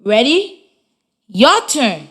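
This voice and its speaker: Slow, lively-voiced woman radio teacher. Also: on the high side. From Liberia. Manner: slow, encouraging, clear instructions. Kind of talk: radio reading lesson for children.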